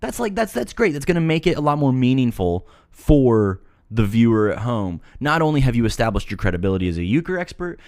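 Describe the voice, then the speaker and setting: A man's voice: medium pitch, very animated, brisk, hardly any pauses, a little mellow, dry recording, clean studio sound. Man giving mock-serious review critique. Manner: earnest lecturing tone, playful asides. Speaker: video reviewer. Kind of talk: mock-serious reaction commentary.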